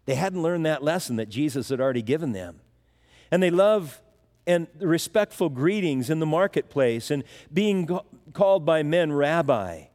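Conversational preacher in a reverberant hall. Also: male voice, fairly high pitch, lively intonation, normal speed, a little mellow. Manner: conversational preaching, acts out quoted voices. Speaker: pastor. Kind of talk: sermon, verse-by-verse Bible teaching.

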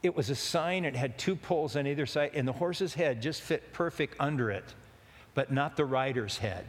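A man with a medium-pitched voice preaches at a normal speed, telling a rambling, joking anecdote in a folksy style. The sermon echoes with long hall reverb.

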